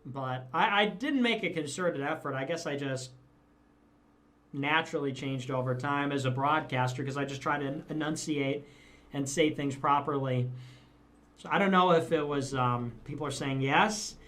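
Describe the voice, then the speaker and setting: A young man with a Chicago accent, rambling and halting through a casual livestream monologue. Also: on the high side, a bit bright. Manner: rambling, halting, self-deprecating. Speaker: livestream broadcaster.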